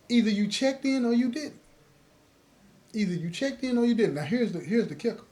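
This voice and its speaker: A man with a fairly high voice tells a story from his own life in a loose, conversational way. He talks straight to his listeners and keeps checking that they follow him. He brings the other people in his story to life as he goes. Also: brisk, darkish tone. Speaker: host telling his own prison stories. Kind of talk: casual spoken storytelling.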